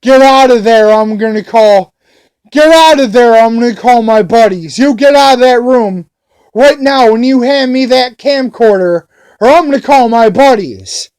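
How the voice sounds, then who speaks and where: A man's voice: very high-pitched, moderate pace, a little mellow, clear, resonant tone. A man voicing an angry, bullying middle-aged police officer who barks threats. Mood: threatening. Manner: barking, bullying.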